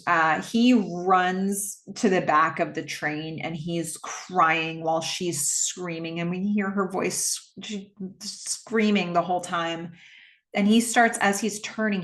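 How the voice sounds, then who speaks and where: Speaking slowly in a lowish, somewhat bright voice with fairly even intonation, this film recap host retells a movie's plot in a casual way. Her delivery is chatty and full of fillers, and she sounds visibly emotional.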